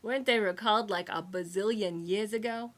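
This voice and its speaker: A woman voicing a gruff, dismissive young female space salvager. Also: medium pitch, brisk, close to an everyday voice.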